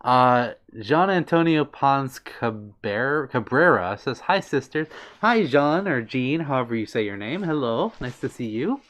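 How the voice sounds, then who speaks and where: A man's voice: medium pitch, sing-song, unhurried, few pauses, fairly bright tone. A man hosting a casual livestream, reading out viewer comments with a playful, giggly manner and brushing off compliments bashfully. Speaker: livestream host.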